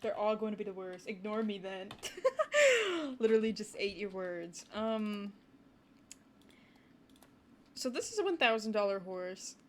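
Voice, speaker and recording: A young woman streaming a game, chatting and rambling to her viewers with excited gasps. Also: medium pitch, normal speed, pauses often, a little hiss or hum. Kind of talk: casual livestream commentary.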